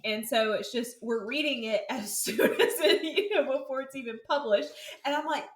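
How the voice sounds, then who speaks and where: A young woman co-hosts a laid-back book podcast. Her voice is slightly high, and she jokes in casual slang. The room around her is roomy and echoing. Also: normal speed. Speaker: podcast co-host. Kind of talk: casual chat about a book.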